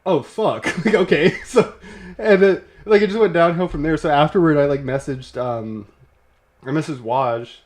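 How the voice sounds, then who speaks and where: A man's voice: on the high side, moderate pace, a little mellow. A man streaming live, telling a story in casual chat, rambling and swearing, often laughing as he talks.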